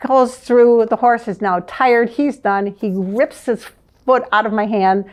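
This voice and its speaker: An older woman, a former advertising manager, reminiscing in a lively storytelling way and laughing often. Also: on the high side, unhurried. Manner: lively, laughs often, vivid scene-setting.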